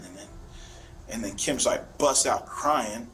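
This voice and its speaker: A man speaks as a father in a recorded interview, telling his story with emotion and animation. His pitch sits in the middle range, and faint background noise runs under his voice. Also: slow pace, fairly bright tone.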